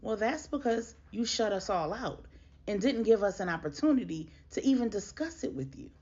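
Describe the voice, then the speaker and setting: A woman voicing a stern older matriarch with a Trinidadian accent, scolding in a slow, measured way. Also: mid-range voice, lively intonation, darkish tone, slightly rough, dull audio, pitched above the performer's own voice.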